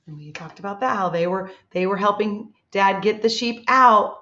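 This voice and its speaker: A woman's voice: medium pitch, normal speed, few pauses, sharp tone. A woman teacher guiding young children through a reading lesson, praising them often. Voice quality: encouraging, lots of praise. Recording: echoey room, dull sound.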